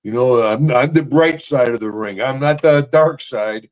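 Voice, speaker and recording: A man's voice: medium pitch, normal speed, a little mellow. An older man, a retired wrestler hosting his own show, telling stories in casual chat, boisterous and laughing often.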